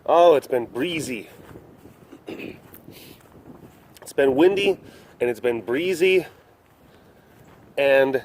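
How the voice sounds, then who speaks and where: A man's voice: medium pitch, expressive, slow, pauses often. Man, casual vlog, rambling, playful, talks to animals, outdoors, faint background noise. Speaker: big cat facility vlogger. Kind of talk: casual walk-around commentary.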